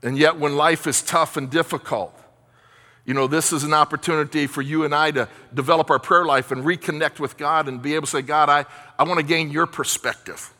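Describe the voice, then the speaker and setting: A man's voice: on the high side, fairly even intonation, a little fast, sharp tone, in a large hall. A man preaching a sermon as pastor, earnest and repetitive, asking rhetorical questions.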